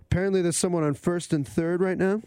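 A male radio producer chiming in with quick, chatty remarks from the studio. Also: sits high, fairly even intonation, mellow, a little hiss or hum. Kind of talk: off-mic studio banter.

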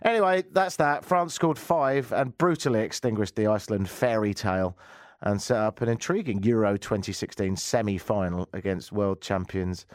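A man's voice: fairly low pitch, no echo, studio quality. A man hosting a radio show, giving casual commentary with wry, rambling jokes and asides. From England. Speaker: radio host.

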